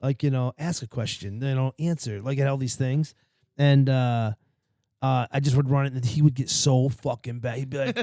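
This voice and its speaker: A man's voice: medium pitch, brisk, no room sound, studio quality. A man telling prank stories in casual podcast chat, swearing freely and voicing the people in them. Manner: animated, swears freely, voices characters in his stories. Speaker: podcast co-host.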